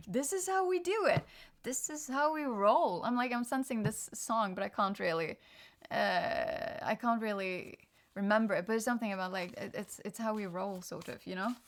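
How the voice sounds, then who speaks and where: A young woman giving a casual tarot reading, rambling and interrupting herself with bursts of frustration. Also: medium pitch. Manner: rambling, self-interrupting, animated. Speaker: tarot reader.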